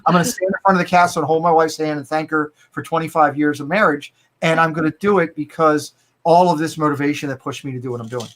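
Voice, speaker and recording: A middle-aged man with a Baltimore accent, a guest speaking earnestly and warmly in casual live-stream chat, often repeating words as he goes. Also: on the high side, fast.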